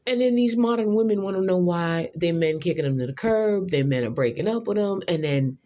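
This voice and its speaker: A woman's voice: on the low side, expressive, a little fast, warm tone. A woman hosting a podcast, giving rambling reaction commentary, exclamatory and profane, repeating herself. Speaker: podcast host reacting to a video.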